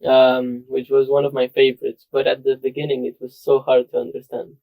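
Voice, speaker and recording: Gravelly, dark-voiced man. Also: mid-range voice, completely flat delivery, a little fast, poor audio. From Spain. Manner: agreeable, keeps affirming. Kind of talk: casual chat.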